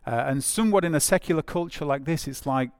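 A man's voice: a little high, fast talker, clean tone, dry recording, clean studio sound. A man preaching a sermon in a conversational way, with frequent fillers and phrases repeated for emphasis.

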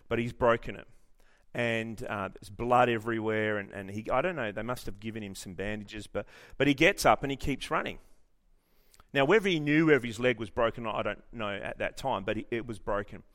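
A man preaching a sermon in church, telling stories in an animated way, joking and often restarting his sentences. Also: on the low side, brisk. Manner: animated storytelling with jokes and frequent restarts. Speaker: pastor.

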